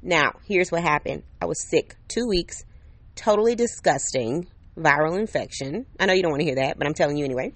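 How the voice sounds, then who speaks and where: A woman's voice: low voice, animated, fairly quick, no room sound. Woman, podcast host, casual solo chat, upbeat, talks right to the listener, outdoors. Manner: chatty and upbeat, talks to listeners directly with many "okay?" and "right?". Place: outdoors under an umbrella on a patio. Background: neighbor's air conditioner.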